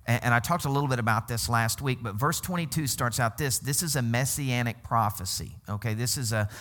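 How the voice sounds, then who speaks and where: A man's voice: mid-range voice, a bit bright. A man from Arkansas preaching a sermon as pastor, in a conversational way, often checking in with "okay?" and laughing as he teaches.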